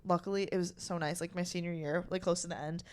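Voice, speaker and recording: A young woman hosting a podcast in casual chat, telling stories in an animated way, swearing freely and acting out quotes loudly. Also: on the low side, quick pace. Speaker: podcast host.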